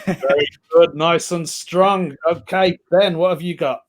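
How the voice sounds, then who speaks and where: Man, host, high voice, unhurried, laid-back, video call mic. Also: fairly even intonation. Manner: laid-back, laughs between turns. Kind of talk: hosting an online pun contest.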